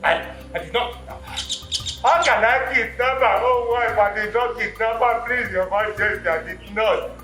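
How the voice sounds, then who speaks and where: A desperate accused man with a very high voice, begging for mercy. It sounds echoey, with music playing behind. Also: fairly even intonation, normal speed, sharp tone. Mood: pleading. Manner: pleading, desperate. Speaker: accused captive. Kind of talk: film drama acting.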